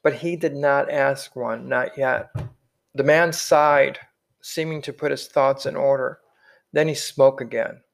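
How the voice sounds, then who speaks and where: A man narrating a novel aloud in a calm, measured reading voice. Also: medium pitch, creaky. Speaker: audiobook reader. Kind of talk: scripted narration.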